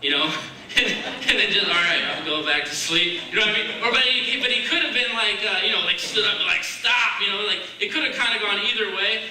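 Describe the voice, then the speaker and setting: A man giving a casual, searching sermon, dropping to a hushed voice when he voices other people's prayers. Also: high voice, fast. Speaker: preacher. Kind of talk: conversational sermon. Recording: echoey room, mic far off, faint hiss.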